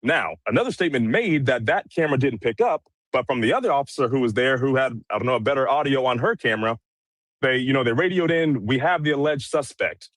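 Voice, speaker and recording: A man's voice: mid-range voice, animated, fast talker, a bit bright, no echo. A man talking as a guest in a casual conversation, using many fillers. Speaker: guest commentator.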